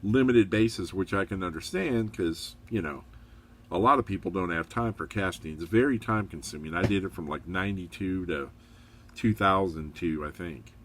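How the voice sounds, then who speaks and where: Middle-aged man, very low voice, easygoing hobbyist reviewer, chatty and encouraging. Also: moderate pace, slight background noise. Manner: relaxed, chatty, rambling with fillers; upbeat, encouraging. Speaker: model kit reviewer.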